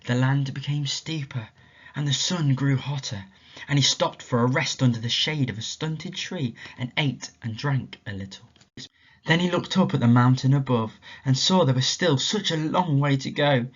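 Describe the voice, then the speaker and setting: Expressive storytelling male teacher, muffled. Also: medium pitch, normal speed. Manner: expressive, asks the children questions. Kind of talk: storytelling at a school assembly. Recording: dull, muffled lo-fi recording.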